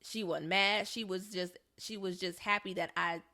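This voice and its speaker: A woman's voice: fairly low pitch, normal speed. A young woman from Southern California co-hosting a podcast, telling a story in casual chat and acting out the people she quotes. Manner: animated, acts out quoted voices. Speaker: podcast co-host.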